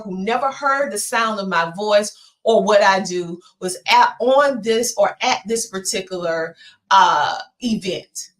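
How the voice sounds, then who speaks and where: A woman with a Southern twang giving an earnest, emphatic motivational presentation with dramatic pauses. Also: medium pitch, fairly bright tone. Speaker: motivational speaker.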